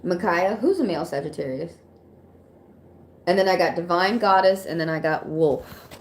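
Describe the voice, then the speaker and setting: A woman's voice: fairly low pitch, normal speed, reverberant, slight background noise. An American woman from Atlanta doing casual tarot readings on a live stream, chatty and rambling with many fillers and frequent laughs. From Atlanta, USA. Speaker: tarot reader.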